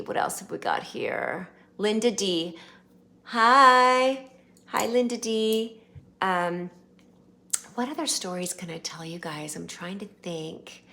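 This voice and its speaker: A woman hosting her channel, casually telling viewers an animated, rambling story. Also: lowish voice, creaky, slight background noise. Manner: chatty, animated, rambling anecdotes. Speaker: channel host.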